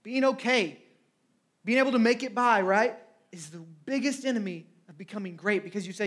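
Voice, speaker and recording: A man's voice: high voice, fairly quick, fairly bright tone. A man preaching a sermon in a conversational way, often asking "right?" and acting out quotes.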